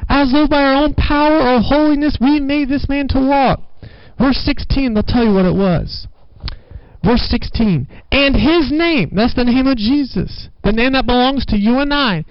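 A man's voice: extremely high pitch, dry recording, lo-fi sound. A male pastor preaching a sermon with rising fervor, repeating phrases for emphasis.

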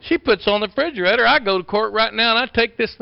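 A man preaching a folksy storytelling sermon, swinging from loud bursts to quiet asides. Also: high voice, fast talker, gravelly. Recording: dull lo-fi sound.

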